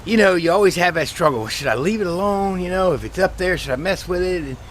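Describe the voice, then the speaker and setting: A man with a slightly raised pitch chats casually outdoors about his bees. His storytelling is rambling and folksy, full of restarts. His voice has a faint squeak from the dry air. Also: animated, quick pace, slight background noise. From Louisiana, USA. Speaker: beekeeper. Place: outdoor bee yard.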